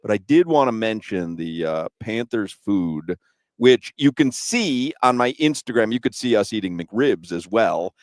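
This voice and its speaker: A male radio sports talk host at a live arena broadcast, chatting casually, teasing his co-hosts and reading sponsor copy smoothly. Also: lowish voice, expressive, a little slow, no echo.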